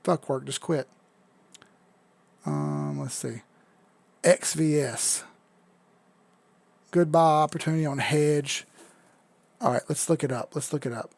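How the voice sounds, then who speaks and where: Man, gravelly voice, dry close sound, rambling casual live stream host. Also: fairly high pitch, takes it slowly, long pauses, no room sound. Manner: laid-back, rambling, swears casually, reads chat aloud.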